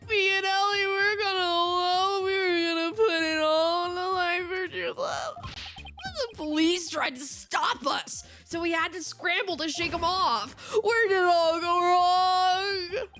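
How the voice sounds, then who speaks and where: A woman voicing a loud, lovesick young man who whines and sobs dramatically while reading a game aloud. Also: extremely high pitch, measured pace, soft background music, pitched above the performer's own voice, full character voice. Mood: wailing. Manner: wailing, overwrought, sobbing.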